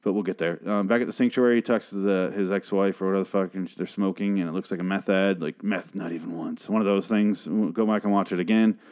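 A man's voice: sits low, steady tone, fast, few pauses, darkish tone, clear, resonant tone. A man hosting a solo TV review show, recapping an episode in a rambling, profane, self-correcting way. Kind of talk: casual solo recap podcast.

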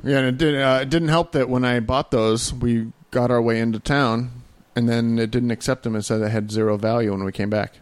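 A man's voice: medium pitch, level tone, fairly quick, clear, resonant tone, no echo. Laid-back man telling stories, dry sound. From Boston area. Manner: storytelling, opinionated, laid-back. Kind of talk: casual chat.

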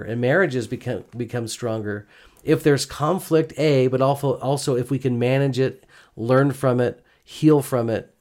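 Co-hosting an easygoing gospel discussion on marriage, a middle-aged man speaks with a medium-pitched, darker-toned voice. His manner is earnest and conversational, and he keeps dropping in "you know" and "right?" to check in.

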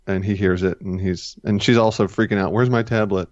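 A man's voice: on the low side, steady tone, a little fast, no room sound. A man co-hosting a casual chat, rambling and correcting himself as he retells scenes. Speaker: podcast co-host. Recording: dull, lo-fi dry recording.

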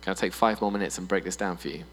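A man preaching a sermon in a church hall, animated and playful, often putting on voices for humor. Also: sits low, rapid-fire. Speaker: pastor. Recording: long reverb in a hall with mains hum.

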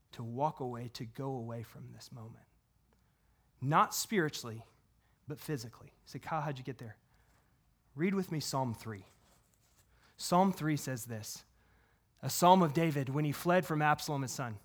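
A man's voice: mid-range voice, normal speed. Fervent man preaching a sermon. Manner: earnest preaching, swings from hushed to loud and fervent; talks to the congregation directly, asks questions. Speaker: pastor.

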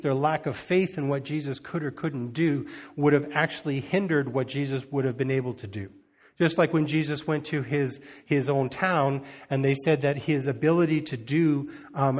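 A male preacher with a voice on the high side gives an informal sermon. He reads scripture, retells it in a chatty way, and acts out the quotes while chuckling.

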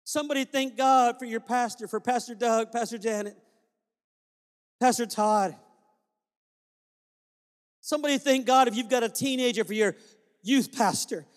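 A man preaches from a church sanctuary, his very high voice moving at normal speed with long pauses. He tells stories before fervently exhorting the congregation to praise, all captured with a church hall's reverb.

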